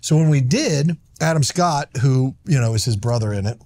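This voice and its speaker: Animated middle-aged male storyteller. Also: medium pitch, normal speed. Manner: animated, acts out lines in loud put-on voices. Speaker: actor and comedian guest. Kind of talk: casual storytelling chat.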